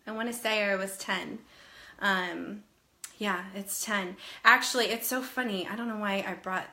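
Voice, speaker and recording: A woman's voice: mid-range voice, fairly even intonation, a little slow, sharp tone. A woman in her thirties hosting a casual live stream, chatty and greeting viewers by name, slightly out of breath and a little nasal from a cold.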